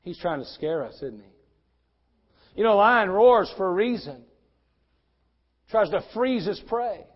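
A middle-aged male pastor preaching in a church with a noticeably high voice. He surges into fervent shouts, then drops to near-hushed confidences. The recording sounds dull and lo-fi. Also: expressive, unhurried, pauses often. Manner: impassioned preaching, swinging from shouts to hushed tones. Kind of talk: sermon.

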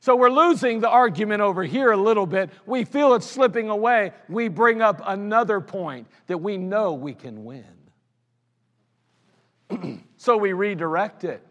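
A man's voice: high voice, animated, measured pace, fairly bright tone, dull audio. A man preaching a sermon as a pastor, blunt and scolding, with mocking asides. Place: church sanctuary. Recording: long hall reverb of a church sanctuary.

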